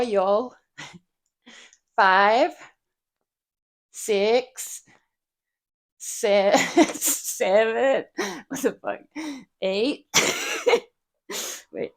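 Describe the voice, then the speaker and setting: Lady putting on an over-the-top american gal, loud and drawly, kinda gravelly. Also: very high voice, pitched above the performer's own voice, exaggerated voice. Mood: playful. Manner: drawling "y'all", laughing through it. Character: exaggerated American woman, loud early riser. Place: home gym.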